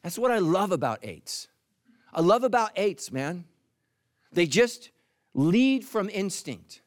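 A man preaching a sermon in a high, bouncing voice that swings up and down. He talks in a punchy, teasing way with playful asides. The sound is dry and close, with no room echo. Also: very animated, slow pace. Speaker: pastor.

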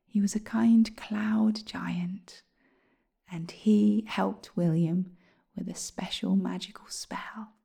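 A woman reading a storybook aloud to children, gentle and soft, often half-whispered. Her voice is mellow and dark with a gravelly creak. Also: mid-range voice, steady tone, slow pace.

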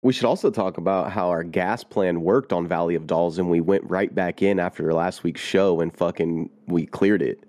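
A man's voice: deep voice, normal speed, few pauses, darkish tone, dry recording, clean studio sound. A man co-hosting a podcast in casual chat, chiming in with brief remarks. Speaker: podcast co-host.

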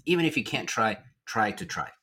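A man in his forties, a therapist, casually recounting a work story in conversation, with animated, incredulous turns. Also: lowish voice, brisk, breathy edge.

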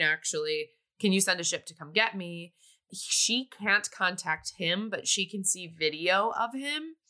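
A woman's voice: on the low side, sharp tone. A woman casually recapping a movie plot in a chatty way, sometimes briefly acting out the characters' lines.

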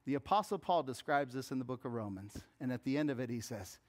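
A man's voice: mid-range voice, lively intonation, fast. Man preaching a casual sermon. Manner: conversational preaching, rising to fervent appeals. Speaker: pastor.

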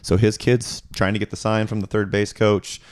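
A man co-hosting a podcast, chatting casually and winding through a story with plenty of restarts. His voice sits a bit low. The sound is close and dry, with no room to it. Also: flat delivery, normal speed, smooth, no echo. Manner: rambling storyteller, acts out quotes. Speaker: podcast co-host. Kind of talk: casual chat.

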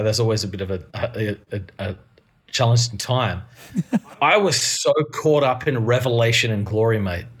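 A middle-aged man, a pastor, talks earnestly into a podcast mic. His voice carries a faint husky edge. He tells stories with animation and the odd laugh. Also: mid-range voice, a bit bright. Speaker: pastor and guest. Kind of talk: casual conversational interview.

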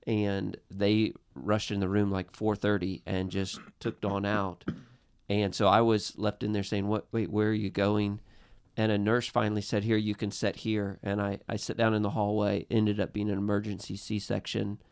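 A man in his thirties earnestly telling a personal family story, halting with frequent restarts. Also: lowish voice, monotone, gravelly, darkish tone, smooth, no echo, studio quality. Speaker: guest. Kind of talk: personal storytelling in a podcast chat.

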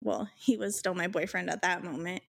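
A woman telling a personal story in casual chat, acting out quotes in higher voices and swearing freely. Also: steady tone, a little fast, creaky, a bit bright.

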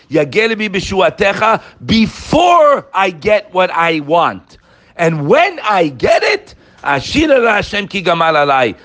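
A middle-aged man teaches Torah with real animation. His voice sits slightly high and swings widely as he poses question after question. He keeps weaving Hebrew verses into his talk. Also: a bit bright. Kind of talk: Torah lecture.

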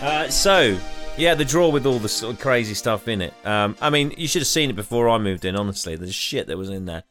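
A man's voice: medium pitch, animated, brisk, fairly bright tone, soft background music. A man from the north chatting as a podcast co-host, swearing casually and laughing as he acts out quoted voices. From northern England. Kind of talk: casual chat.

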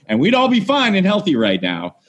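A man's voice: high voice, wildly swooping pitch, a little fast, slight background noise. A man co-hosting a casual podcast chat, joking dryly and sarcastically and swearing. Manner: dry sarcastic humor, swears. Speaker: podcast co-host.

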